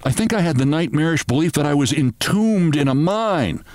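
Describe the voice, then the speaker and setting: A man's voice: fairly high pitch, no room sound. Man reading a story, dry close sound. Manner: expressive, measured storytelling. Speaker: podcast host. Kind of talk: reading a short story aloud.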